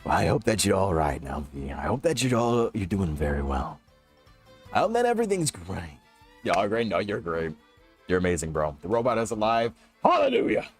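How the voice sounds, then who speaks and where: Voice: low voice, sing-song, normal speed, husky, soft background music. A streamer chatting casually on a livestream, joking and pleading melodramatically.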